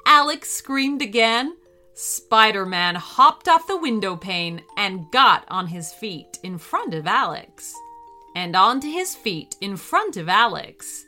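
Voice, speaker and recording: A woman hosting a children's story podcast, reading an adventure story in a cheerful, animated way. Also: medium pitch, slow, soft background music.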